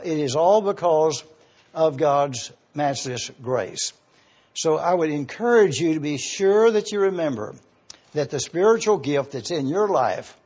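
A man preaching an evening sermon, teaching in a measured way and repeating key points slowly so listeners can write them down. He speaks to a congregation in an auditorium. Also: on the high side, a little mellow, husky. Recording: dull lo-fi recording.

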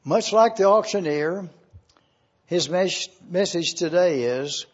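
A man delivers a sermon as a slow, earnest story, and his voice sits high for a man. The sound is husky and a little breathy. The recording is dull and lo-fi. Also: animated. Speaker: preacher. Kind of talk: sermon illustration told as a story.

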